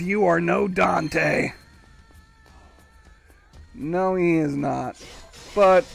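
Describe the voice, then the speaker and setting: A man with a slightly high, gravelly voice talks his way through a video game on a live stream. He rambles and questions himself wryly. Faint game music plays behind him. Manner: rambling, self-talking, wry. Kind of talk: casual gameplay commentary.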